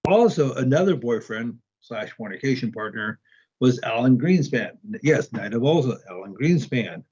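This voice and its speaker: A man's voice: mid-range voice, lively intonation, moderate pace, darkish tone, breathy edge, lo-fi sound. A man speaking as a guest in a casual conversation, hesitant and full of restarts. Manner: hesitant, many ums and restarts.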